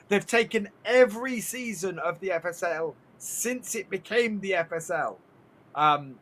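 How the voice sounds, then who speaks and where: A man's voice: a little high, bright, forceful tone. A man giving enthusiastic color commentary on an esports final.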